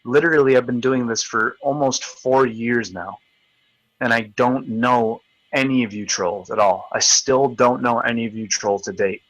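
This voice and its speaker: A man's voice: mid-range voice, normal speed, fairly bright tone, no echo, rough recording. A man hosting a live video chat, ranting in a combative, profane, taunting way. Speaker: livestream host.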